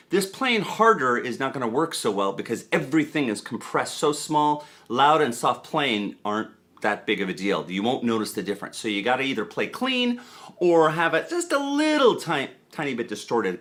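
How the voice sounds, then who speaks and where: A man's voice: mid-range voice, sing-song, moderate pace, fairly bright tone. A man giving a casual guitar lesson, counting beats aloud as he explains rhythm and accents. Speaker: guitar teacher. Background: guitar playing.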